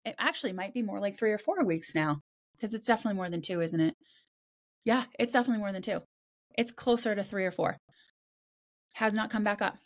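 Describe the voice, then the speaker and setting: Woman podcast host, mid-pitched, quick and excitable, salty casual chat with acted-out quotes. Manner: fast, excitable, swears casually; animated storytelling with quoted voices.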